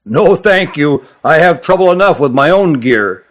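A man's voice: on the high side, animated, moderate pace, close to an everyday voice. A man voicing a weary, fretful old male magician in a storybook, asking anxious questions.

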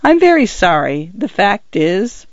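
A man's voice: high-pitched, big pitch swings, a little slow, no echo, highs cut off, voice pushed up, full character voice. A man voicing a nervous, meek male clerk who talks in a flustered, apologetic way.

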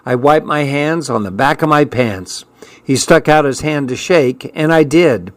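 A man narrating a story aloud in a steady, even reading voice. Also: fairly high pitch, measured pace, no room sound. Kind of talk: audiobook narration.

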